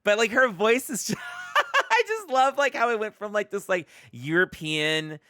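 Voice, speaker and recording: A woman streaming a video game, chatting excitedly with her viewers and laughing often. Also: medium pitch, normal speed, no echo, studio quality. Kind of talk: casual live-stream commentary.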